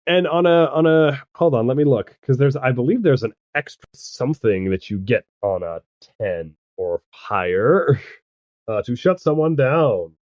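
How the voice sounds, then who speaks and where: A man narrating a tabletop role-playing game as game master, chatty and halting, often laughing as he goes. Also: medium pitch, lively intonation, darkish tone, no room sound, highs cut off.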